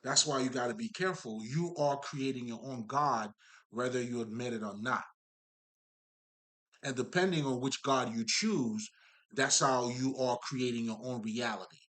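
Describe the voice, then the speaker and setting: A man's voice: mid-range voice, sharp tone. A man giving a casual spiritual monologue, emphatic and profane, rambling with many fillers and asides to his listeners. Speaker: spiritual talker.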